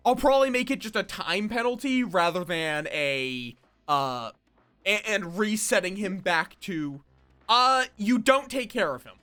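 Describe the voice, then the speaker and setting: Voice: mid-range voice, lively intonation, measured pace, fairly bright tone, soft background music. A streamer in casual live-stream chat while gaming, rambling and cutting themselves off mid-thought as they talk to viewers. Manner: rambling, self-interrupting, chatty with viewers.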